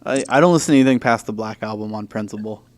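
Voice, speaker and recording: A young man hosting a podcast, chatting casually about movies in an animated way and laughing often. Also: on the low side, very fast. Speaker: podcast host.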